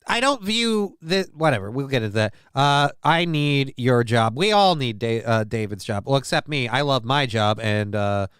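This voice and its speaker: Bright, crisp-voiced male streamer. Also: medium pitch, lively intonation, moderate pace, few pauses, no echo, studio quality. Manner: crude joking, reading chat aloud. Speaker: livestream host. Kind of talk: casual livestream commentary.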